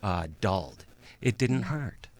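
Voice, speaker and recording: A middle-aged man with a deep, gravelly voice recounts a painful personal story as an interview guest. He speaks haltingly, with pauses and restarts, and sounds emotional. The sound is dry and close. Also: lively intonation, no room sound. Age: about 50.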